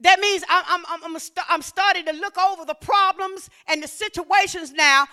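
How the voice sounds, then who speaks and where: A woman preacher delivering a sermon with call-and-response, slipping into sing-song scripture reading and building to shouts. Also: very high voice, normal speed.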